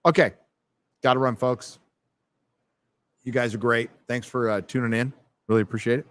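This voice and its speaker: At a fandom bar, a livestream host with a medium-pitched, fairly even voice chats at a moderate pace. He reads donations and chat out loud, swears casually, and laughs a lot.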